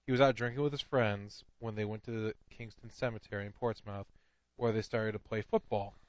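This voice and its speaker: A man co-hosting a comedy podcast in casual chat, laughing often and getting excited. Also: lowish voice, fairly quick, dry recording, dull audio. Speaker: podcast co-host.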